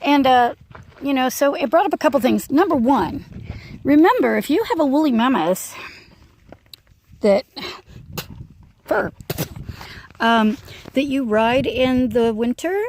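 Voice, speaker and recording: A chatty woman with a slightly high, gravelly voice rambles and laughs as she talks to camera outdoors. There is faint hiss and outdoor ambience behind her. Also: expressive, unhurried, pauses often, darkish tone. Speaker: horse sanctuary keeper. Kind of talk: casual vlog. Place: outdoors with a horse.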